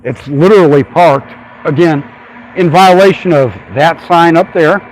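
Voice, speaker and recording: A man with a slightly higher voice speaks into a handheld phone on a city sidewalk, ranting in an irritated, profane way. His talk is casual and aimed at a livestream audience. Faint street ambience sits under the voice. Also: measured pace, a little hiss or hum, rough recording. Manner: irritated, ranting, swears freely.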